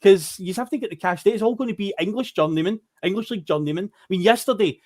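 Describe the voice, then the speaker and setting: A man's voice: high voice, quick pace, a little mellow. A Scottish man co-hosting a podcast, chatting casually and mockingly about football. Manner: chatty, mocking, acts out quotes. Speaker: podcast co-host.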